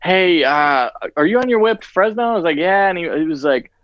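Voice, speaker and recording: A man's voice: sits high, animated, brisk, dry recording, highs cut off. A male comedian guest in a casual podcast chat, laughing through a self-deprecating story.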